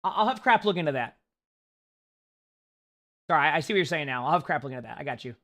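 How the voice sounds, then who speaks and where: A man's voice: on the high side, lively intonation, fast, a bit bright. A young man streaming a game, chatting upbeat to his viewers while losing his voice from too little sleep. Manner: chatty, upbeat, talks to chat between games. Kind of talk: casual live-stream chat.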